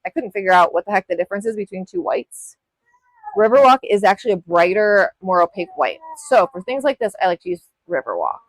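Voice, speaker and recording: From her home nail studio, a young woman runs a casual live tutorial, chatting as she works. Her pitch swings widely and freely, and she rambles, interrupting herself and apologizing a lot. The audio is close and dry, with no room echo.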